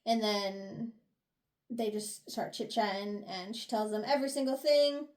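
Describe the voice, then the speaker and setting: A woman co-hosting a book review podcast, recapping chapters in animated casual chat, swearing and laughing along. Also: medium pitch, a little slow.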